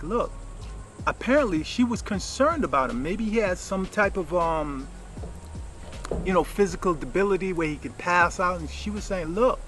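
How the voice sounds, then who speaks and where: Man, higher than average, sharing life advice in a loose, rambling talk; faint music underneath. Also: fairly bright tone, rough recording. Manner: rambling and reflective, with lots of fillers. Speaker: father giving life advice. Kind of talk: casual monologue vlog.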